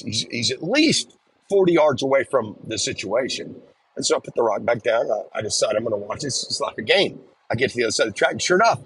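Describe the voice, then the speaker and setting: A man's voice: mid-range voice, slightly rough, no echo, rough recording. A man earnestly recounting his own experience in a conversational storytelling style, often restarting his sentences. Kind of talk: personal storytelling.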